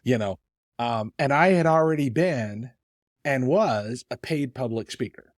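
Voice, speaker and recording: A man's voice: mid-range voice, lively intonation, measured pace, no room sound, studio quality. A man in his fifties hosting a podcast, telling a personal story in a conversational way. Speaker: podcast host. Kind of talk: casual podcast chat.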